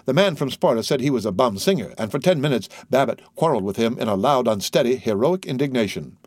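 A man's voice: mid-range voice, animated, fast talker, darkish tone, dry recording, clean studio sound. A man reading a novel aloud as a narrator, giving the dialogue light character voices. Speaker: audiobook narrator. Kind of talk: scripted narration.

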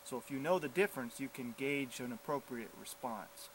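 A middle-aged man, a park bear biologist, calmly and clearly explaining hiking safety while outdoors on a forest trail. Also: medium pitch, moderate pace, a little hiss or hum, poor audio. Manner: calm, clear, instructive.

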